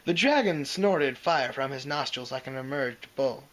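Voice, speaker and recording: A man reading fan fiction aloud, expressive and dramatic, with occasional slips and restarts. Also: mid-range voice, normal speed, low-quality recording. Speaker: reader.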